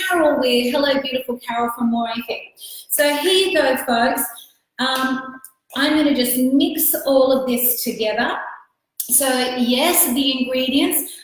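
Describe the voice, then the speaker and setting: An Australian woman hosting a live cooking stream as a cookbook author, chatting casually as she cooks, greeting viewers by name and thinking aloud. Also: high voice. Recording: very echoey kitchen room.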